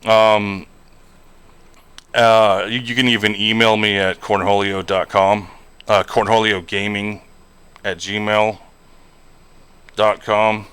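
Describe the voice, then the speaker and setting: A man's voice: lowish voice, level tone, takes it slowly, pauses often, fairly bright tone, clear, resonant tone. A man streaming a trucking game and chatting casually, rambling along with lots of fillers and "you know". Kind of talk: casual live-stream chat while gaming.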